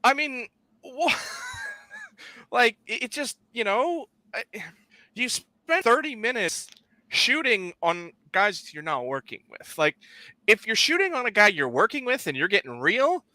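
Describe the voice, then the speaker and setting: Animated high-voiced man, bright and dry. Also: unhurried, no room sound. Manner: animated, emphatic, rambling with restarts. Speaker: podcast co-host. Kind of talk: casual wrestling chat.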